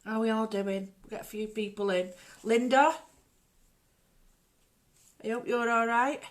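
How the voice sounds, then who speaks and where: A woman's voice: a little high, fairly even intonation, unhurried. A woman hosting a casual home livestream, rambling chattily and greeting viewers by name. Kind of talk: casual live chat.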